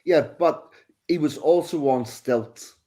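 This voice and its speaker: A man's voice: on the high side, takes it slowly, mellow. A man hosting a casual stream, reading out an article and mocking it in blunt, sweary asides. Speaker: stream host.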